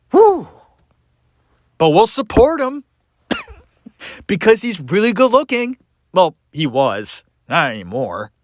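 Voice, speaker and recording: A man's voice: a little high, fairly bright tone, no echo, clean studio sound. A man hosting a podcast, ranting sarcastically and emphatically in a solo opinion monologue. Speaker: podcast host.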